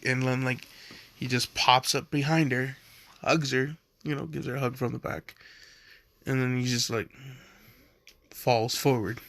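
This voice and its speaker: A man's voice: mid-range voice, steady tone, measured pace, long pauses, fairly bright tone. A young man casually telling a fan story, rambling with lots of "like" and jumping into quoted voices.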